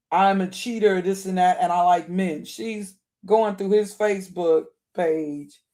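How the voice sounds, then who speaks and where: With a strikingly high voice, a male online commentator reacts in heated bursts, repeating himself and returning to his points amid outraged asides.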